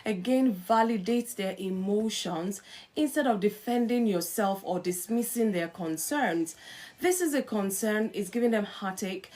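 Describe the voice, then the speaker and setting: Earnest woman giving marriage advice. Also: a little high. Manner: animated, acts out quarrelling spouses in quotes; earnest, coaching tone addressed to listeners. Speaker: host. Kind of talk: live-stream marriage advice talk.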